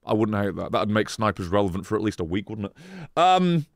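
A man's voice: lowish voice, big pitch swings, brisk, no echo, clean studio sound. A man casually chatting on a live stream, rambling and swearing, laughing often as he reads chat.

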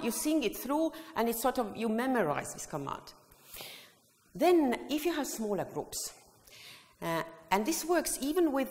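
In a large hall full of long reverb, a woman with a fairly high voice presents a choir education workshop. She directs the audience through vocal exercises, often singing sample phrases herself.

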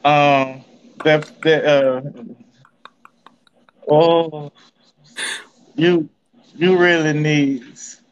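A flustered man stammers out exclamations over a video call, stretching his words very slowly. His voice is smooth and a little high. The call audio sounds dull and lo-fi. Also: steady tone. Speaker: friend being pranked. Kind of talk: casual chat.

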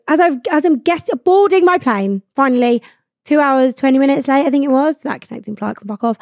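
A woman's voice: a little high, a little mellow, dry recording, clean studio sound. A young woman, hosting a podcast and telling a story casually, swearing often and acting out what people said. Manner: chatty, swears a lot, acts out quoted lines. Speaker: podcast host. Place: podcast studio.

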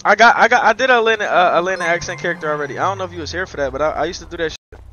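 A man livestreaming a game role-play, casual and brash, trash-talking and often breaking into loud yelling. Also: sits high, rapid-fire, dull audio, slight background noise.

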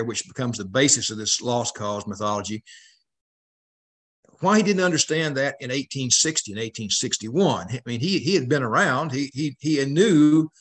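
A man's voice: mid-range voice, a bit bright, slightly rough. A man interviewing an author at a book festival, asking long framing questions.

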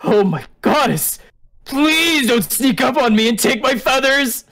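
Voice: mid-range voice, lively intonation, normal speed, natural voice. A streamer voicing a jittery young angel. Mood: panicked. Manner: stammering, jittery, easily frightened. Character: young anxious male angel ship rigger. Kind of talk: Minecraft roleplay character voice.

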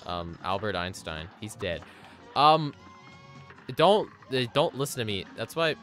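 A man streaming a game live, rambling excitedly to chat, swearing often and making fun of himself. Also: on the low side, moderate pace, over music. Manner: sudden yelps at the game. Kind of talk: casual live-stream chatter.

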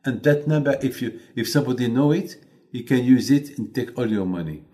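Animated man giving a storytelling sermon. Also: medium pitch, a little fast. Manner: animated, rhetorical questions, non-native grammar. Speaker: rabbi.

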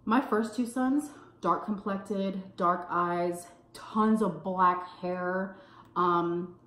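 Woman, thirties, Texan accent, casual vlog storytime, animated, swears a lot, echoey room. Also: extremely slow, slight background noise. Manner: animated, swears freely, acts out quotes in a high voice. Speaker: food vlogger telling a story. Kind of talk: casual storytime while eating.

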